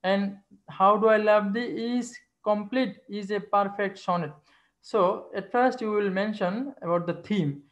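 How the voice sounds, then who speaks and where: A woman teacher explaining how to write an exam answer, halting often, restarting and repeating her phrases. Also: mid-range voice. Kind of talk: exam-answer literature lesson.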